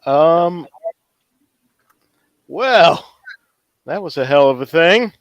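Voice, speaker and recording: Man, player, joking, dry close sound, slightly high voice. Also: expressive, drawn-out words, no room sound, muffled recording. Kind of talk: casual chat.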